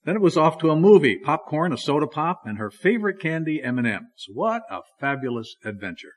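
A man's voice: on the high side, very animated. A male pastor giving a sermon, telling stories at an easy pace with frequent fillers. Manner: unhurried storytelling with many fillers.

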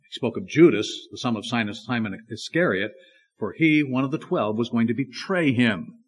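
A man's voice: medium pitch, lively intonation, moderate pace, slightly rough. A man preaching a sermon in an emphatic, questioning manner. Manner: emphatic, asks the congregation rhetorical questions.

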